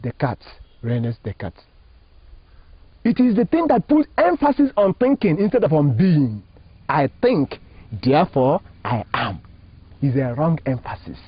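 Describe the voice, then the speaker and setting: A Catholic priest from Nigeria, a man, explains spiritual ideas in an emphatic, preacherly way, posing rhetorical questions. His fairly high voice swoops lively up and down and carries a husky edge. The recording is dull and lo-fi, dry with no room sound. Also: unhurried, dry recording. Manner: emphatic, preacherly, rising and falling phrasing, asks rhetorical questions. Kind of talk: spiritual teaching in an interview.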